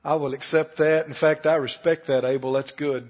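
A man voicing God as a calm, pleased male deity in folksy, relaxed tones within a sermon. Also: on the high side, normal speed, pitched below the performer's own voice, close to an everyday voice. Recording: dull echoey hall broadcast.

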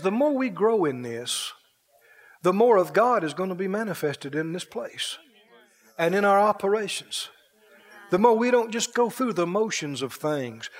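A male pastor preaching a sermon, telling a story dramatically, repeating phrases in a driving cadence and asking the congregation questions. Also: high-pitched. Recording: long reverb in a large hall.

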